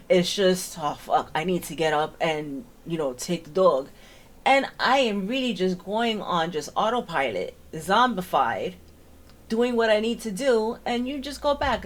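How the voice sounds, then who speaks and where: A woman's voice: lowish voice, slight background noise. Sarcastic woman ranting in commentary. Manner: sarcastic, exasperated. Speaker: commentary host. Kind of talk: reaction commentary.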